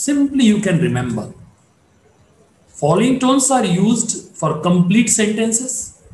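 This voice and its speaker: A man lectures at a slow, deliberate pace, going back over each point for his students. His voice sits fairly high. The recording carries a roomy echo and a faint background hiss. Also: darkish tone. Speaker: phonetics lecturer.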